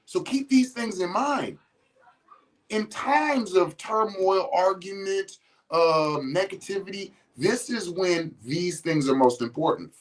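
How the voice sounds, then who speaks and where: In a rough recording, a male podcast host with a high voice talks slowly and casually to his audience. He's blunt, profane and emphatic, often stopping to restart sentences mid-story.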